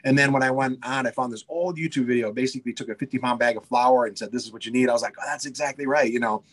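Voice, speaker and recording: A man's voice: mid-range voice, fairly even intonation, very fast, fairly bright tone. A man who owns a pizza shop, chatting casually in an interview, rambling and eager with plenty of fillers and restarts. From United States.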